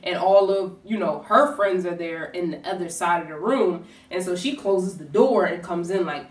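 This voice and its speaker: A woman vlogger telling a personal story in a lively, casual way, swearing and acting out what people said. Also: on the low side, normal speed. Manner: animated, swears, acts out quotes. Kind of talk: storytime vlog. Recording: roomy echo, distant from mic.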